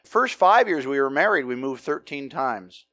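A middle-aged pastor from the United States preaching a conversational, emphatic sermon full of rhetorical questions. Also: male voice, mid-range voice, animated, moderate pace, bright, forceful tone, dry recording.

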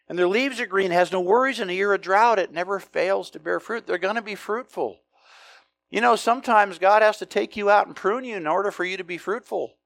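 A middle-aged man from the United States delivers a sermon in a slightly high, gravelly voice. He preaches conversationally, leaning on rhetorical questions and emphatic repetition. The sound is dry and close, with no room around it. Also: moderate pace, a bit bright, no echo. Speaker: pastor.

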